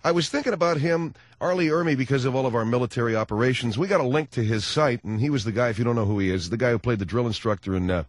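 A man's voice: medium pitch, racing, few pauses, no room sound. A man hosting a talk radio show, rambling and joking in casual chat. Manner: rambling, jokey.

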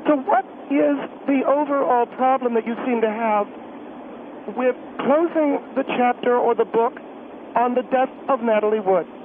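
A woman's voice: fairly high pitch, normal speed. A woman calling in to a talk radio show, firm and indignant, heard over a phone line. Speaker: caller. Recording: tinny phone line with hiss.

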